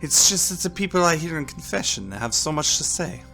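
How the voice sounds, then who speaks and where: A man voicing a calm priest with a French accent, speaking warmly and slowly in a soft, deep voice. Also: faint music behind, heavily acted. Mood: musing. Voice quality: warm and deep, soft-spoken. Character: priest, calm middle-aged man, gentle talker.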